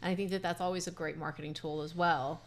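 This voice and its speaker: A woman lawyer on a podcast, speaking in casual conversation, pausing with ums as she thinks. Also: fairly low pitch, fairly even intonation. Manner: thoughtful, frequent ums and restarts. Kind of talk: casual professional chat.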